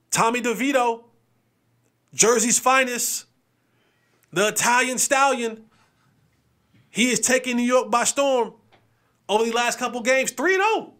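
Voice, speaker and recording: Man, sports show host, high voice, bright and sharp tone, casual picks chat, playful, repeats himself for emphasis.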